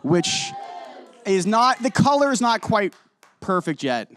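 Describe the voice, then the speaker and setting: A man's voice: sits high, big pitch swings, slow pace, fairly bright tone, a little hiss or hum. A man, a guest on an interview show, chatting playfully and rambling between jokes and earnest answers, tired and just over a cold. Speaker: guest actor and director. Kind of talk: casual interview chat.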